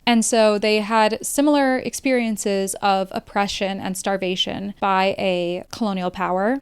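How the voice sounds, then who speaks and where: A woman's voice: medium pitch, clear, resonant tone, no room sound. A young woman hosting a film podcast, chatting enthusiastically with lots of "like" fillers. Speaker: podcast host reviewing films. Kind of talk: casual film review monologue.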